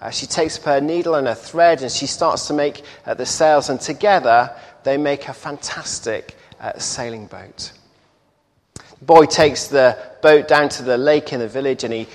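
A man preaching, telling a parable in an unhurried storytelling manner with small repetitions. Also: a little high. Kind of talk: sermon storytelling. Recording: echoey hall reverb.

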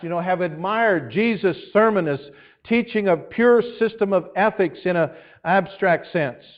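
High-voiced preaching man, muffled recording. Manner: earnest preaching with emphatic pauses. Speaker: pastor. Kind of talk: sermon.

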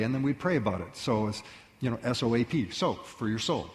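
Male pastor, lively storyteller who acts out voices, recorded in a big echoing sanctuary. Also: medium pitch, a little fast. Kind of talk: sermon. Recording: long reverb of a large hall.

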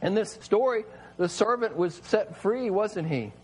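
High, husky-voiced man preaching. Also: animated, measured pace, a little mellow, poor audio. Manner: emphatic, rhetorical questions to the listeners. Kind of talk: sermon.

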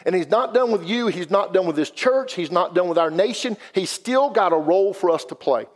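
A man's voice: sits high, animated, brisk. A man, giving an earnest, folksy personal testimony as a guest speaker in a church. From South Carolina. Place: church sanctuary. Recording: long hall reverb.

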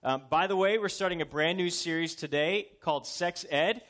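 A man's voice: fairly high pitch, normal speed, a bit bright. A man in his thirties, a pastor, preaching a sermon in a conversational, joking yet earnest way.

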